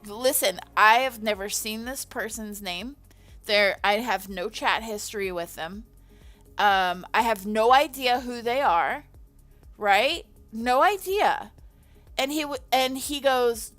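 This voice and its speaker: A woman from the United States vents on her livestream, swearing freely and sounding exasperated. Her voice sits fairly high, and soft music plays faintly behind her. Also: lively intonation, unhurried, dry recording. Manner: profane, emphatic, exasperated venting. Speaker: livestreamer and virtual designer. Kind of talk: venting livestream chat.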